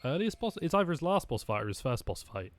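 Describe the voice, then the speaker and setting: A man's voice: on the high side, big pitch swings, fast talker. A tired man streaming a game, rambling through wry casual commentary with lots of restarts. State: tired, yawning. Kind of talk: casual commentary over gameplay.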